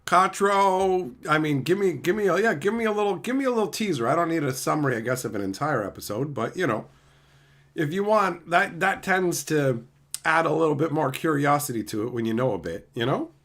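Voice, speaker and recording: A relaxed male streamer chatting casually with his viewers, reading their messages aloud and joking along. His pitch moves a lot, bouncing up and down as he riffs. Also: brisk. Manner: laid-back, joking, reads chat aloud. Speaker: streamer host. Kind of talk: casual livestream chat.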